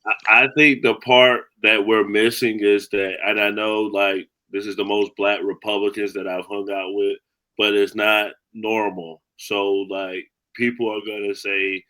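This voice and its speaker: A man on a casual panel, joking sarcastically before making his point in a measured way. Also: fairly low pitch, level tone, sharp tone, rough recording. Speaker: panel guest.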